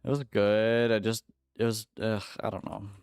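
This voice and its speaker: The audio is studio quality with no room sound, carrying a man's fairly low, smooth, darkish voice at a level tone and normal speed. While gaming on stream, he chats with his audience in a slangy, joking manner.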